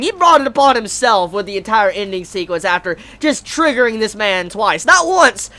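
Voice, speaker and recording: Excitable young woman reviewing anime. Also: medium pitch, moderate pace, hardly any pauses. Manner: animated and excitable, swears freely, repeats herself. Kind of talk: casual video commentary.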